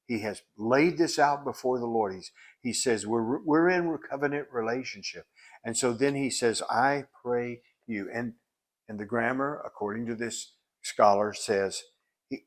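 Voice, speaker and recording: A man's voice: mid-range voice, darkish tone. Guy walking through a bible study, earnest, explains things step by step. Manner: earnest and explanatory, with frequent restarts and fillers. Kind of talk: Bible lesson.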